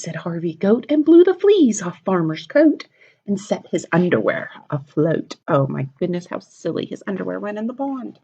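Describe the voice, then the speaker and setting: A woman librarian reading a picture book aloud at a children's storytime, animated and asking the kids questions. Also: mid-range voice, moderate pace, vocal fry, breathy edge. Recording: dull lo-fi recording.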